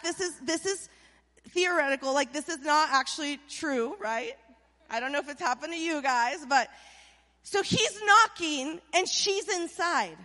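A woman preaching a sermon in a lively, playful way, speaking straight to her congregation. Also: sits high, in a large hall. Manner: animated, playful, addresses the crowd directly.

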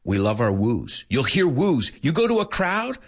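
A man's voice: mid-range voice, normal speed. A middle-aged American man hosting a radio show in a playful, chatty way for Spanish-speaking listeners. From United States. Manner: animated, playful, mixes Spanish in. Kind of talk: casual chat to Spanish-speaking learners.

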